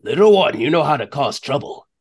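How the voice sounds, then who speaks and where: A man voicing a massive, brawling male half giant in a tabletop game, gruff and taunting. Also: fairly high pitch, big pitch swings, a little fast, dry recording, studio quality.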